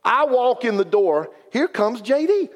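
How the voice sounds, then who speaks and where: A man's voice: very high-pitched, sing-song, unhurried. Folksy man giving testimony. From South Carolina. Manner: folksy, earnest storytelling. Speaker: guest speaker at a church. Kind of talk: personal testimony. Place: church sanctuary. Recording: long hall reverb.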